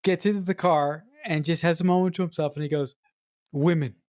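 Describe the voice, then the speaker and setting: A woman's voice: fairly low pitch, fairly even intonation, quick pace, a little mellow, dry recording, clean studio sound. A woman co-hosting a movie podcast who is also a writer, talking enthusiastically and repeating words as she gathers her thoughts. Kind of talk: casual movie review chat.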